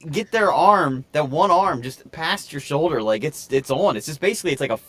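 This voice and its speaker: A man's voice: on the high side, brisk. A man co-hosting a podcast, telling a story in casual, swearing chat and acting out the people in it. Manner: animated, swears freely, acts out quoted voices. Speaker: podcast co-host.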